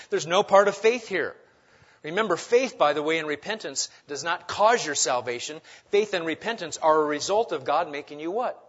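A man preaching with a fairly high voice, pressing his points with rhetorical questions. He swings from loud emphasis to quiet asides. The recording sounds dull and lo-fi. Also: expressive, normal speed. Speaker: pastor. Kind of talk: sermon.

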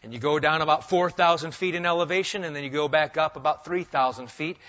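Bright-voiced male preacher, lo-fi sound. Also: on the high side, fast. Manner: conversational, joking asides. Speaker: pastor. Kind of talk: expository sermon.

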